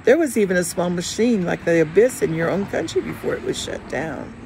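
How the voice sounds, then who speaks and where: A woman reading the lines of a brooding, wine-drinking man in his forties, in a soft, musing manner. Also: lowish voice, sing-song, brisk, creaky, slight background noise. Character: brooding forty-five-year-old man drinking wine.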